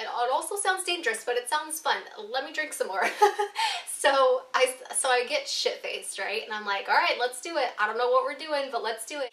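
A woman telling an animated storytime vlog, swearing often and laughing between lines. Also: a little high, roomy sound, recorded from a distance. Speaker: vlogger.

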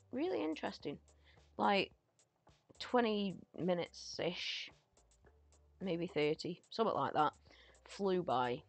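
A young woman giving chatty, excitable commentary as a gaming YouTuber. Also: on the low side, no echo.

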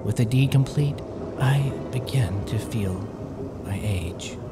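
A man voicing a tired old male warrior in a comedy fan-parody, talking solemnly and slowly. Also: mid-range voice, loud music behind the voice, pitched below the performer's own voice, natural voice. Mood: weary. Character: weary old male warrior resting his legs.

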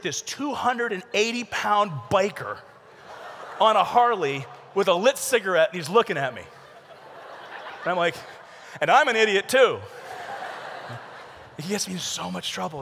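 A man giving a humorous youth conference talk, telling stories and acting out voices with sudden shouts and whispers. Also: high-pitched, a little hiss or hum. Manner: animated storytelling, acts out voices with shouts and whispers. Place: large conference arena. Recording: large hall with long reverb.

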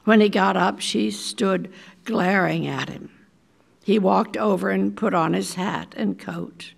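Slow, gravelly older woman reading aloud. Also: mid-range voice. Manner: measured and deliberate. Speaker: resident reader. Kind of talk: reading a short story aloud.

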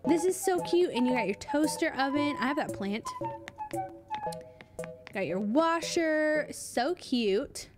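A woman's voice: high-pitched, expressive, slow pace, music in the background. A woman game streamer in casual live-stream chat, bubbly and gushing as she thanks viewers by name.

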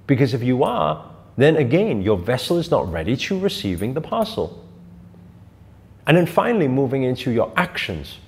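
Lively-voiced man teaching with rhetorical questions. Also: mid-range voice, normal speed. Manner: emphatic, rhetorical questions, repeats key phrases. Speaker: spiritual teacher. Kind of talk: motivational teaching talk.

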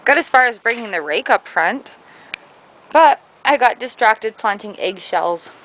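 A woman's voice: on the high side, expressive, unhurried, fairly bright tone, rough recording. A woman chatting casually in a home vlog, playful, switching to baby talk with her dog. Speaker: vlogger. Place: garden outdoors.

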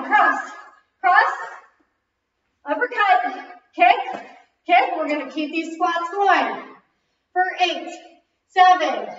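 A female fitness instructor leading a kickboxing class, counting reps and calling moves while working out, a little out of breath. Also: very high voice. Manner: energetic counting and cueing while exercising. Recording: very echoey distant lo-fi recording.

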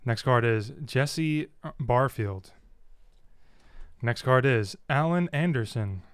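Male co-host, deadpan jokes, steady card roll call, smooth voice, dry mic. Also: mid-range voice, slow pace, no echo. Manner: dry joking, lists cards one after another. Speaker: co-host opening card packs. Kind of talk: casual chat.

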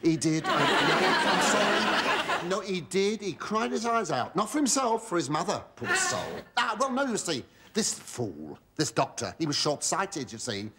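A camp, cheeky cowardly slave. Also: male voice, high-pitched, wildly swooping pitch, moderate pace. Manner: camp, asides to the audience, mock wailing. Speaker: comic lead slave in a sitcom. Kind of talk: sitcom acting with audience laughter. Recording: noisy old TV studio recording.

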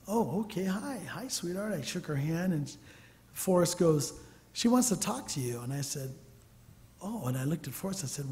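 A man's voice: on the high side, mellow. Preaching man in a reverberant hall. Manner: storytelling preacher, acts out dialogue, drops to near whispers. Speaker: church elder teaching. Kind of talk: sermon. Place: church sanctuary. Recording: long reverb of a large hall.

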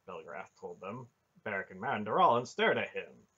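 A man narrating a fantasy novel in a steady, even reading, on a dull lo-fi recording. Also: deep voice, moderate pace, slightly rough. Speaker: audiobook reader. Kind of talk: storybook narration.

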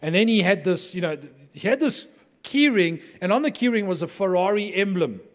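In a large hall full of pastors, a man from Durban, South Africa, gives a storytelling talk, acting out the people in his funny anecdotes for the live audience. His high-pitched voice has lively intonation at a normal speed. Long hall reverb colors the sound.

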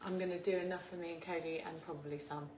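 A woman's voice: fairly low pitch, fairly even intonation, quick pace. A woman, chatting casually and laughing as she hosts a live cooking stream from her home kitchen and greets viewers by name. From England. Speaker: cooking show host. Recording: echoey kitchen with faint background noise.

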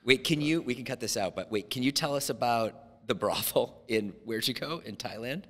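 A man's voice: medium pitch, normal speed, fairly bright tone, big-room sound. A man hosting a podcast in casual chat, reacting briefly and asking laughing follow-up questions. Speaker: podcast host.

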